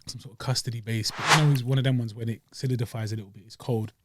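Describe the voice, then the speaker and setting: Male co-host, mid pitch, loose slangy banter. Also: very fast, noisy background. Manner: slangy, jokey, animated. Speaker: podcast co-host. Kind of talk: casual chat.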